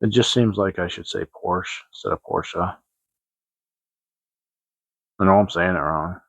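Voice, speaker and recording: A man's voice: low-pitched, fast talker, creaky, dry recording. A man hosting a casual model-kit show-and-tell vlog, rambling and hesitant, with many fillers and restarts. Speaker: hobby model-kit channel host. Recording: dry, slightly dull lo-fi sound.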